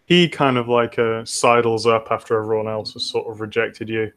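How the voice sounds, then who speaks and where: A man's voice: lowish voice, steady tone, moderate pace, a bit bright. A man in a tabletop game over a video call, talking casually with many fillers. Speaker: player.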